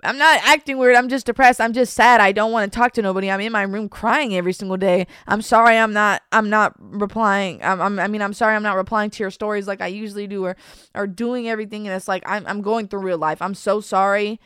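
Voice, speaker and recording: Young woman, podcast host, rambling confessional talk, smooth clear voice, dry sound. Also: mid-range voice, steady tone, quick pace, a bit bright, dry recording. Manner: rambling, fillers and restarts, says "bro". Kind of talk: casual confessional chat.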